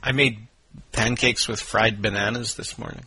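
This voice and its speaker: A man co-hosting a podcast, making teasing, deadpan jokes in casual chat. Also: fairly low pitch, normal speed, over loud music, poor audio. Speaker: podcast co-host.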